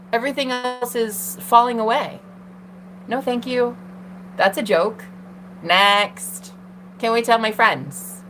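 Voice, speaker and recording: A woman's voice: fairly high pitch, a bit bright, a little hiss or hum. A young woman hosting a tarot livestream, talking in a sassy, swearing, casual monologue to herself and her chat. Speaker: tarot reader and livestream host.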